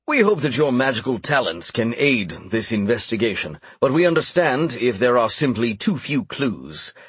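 A man's voice: mid-range voice, sing-song, normal speed, slightly rough, no room sound. A man voicing a gracious male king who speaks in a formal, courteous way.

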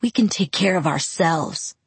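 A woman's voice: fairly low pitch, lively intonation, measured pace, gravelly, breathy edge, no room sound, heavily acted. A woman voicing a bitter, angry young male werewolf, speaking harshly and resentfully. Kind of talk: audiobook character voice.

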